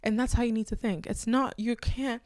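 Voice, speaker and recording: A woman hosting a podcast, giving blunt, animated advice in a casual chat and reading listener letters aloud. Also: on the high side, moderate pace, no room sound. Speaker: podcast host.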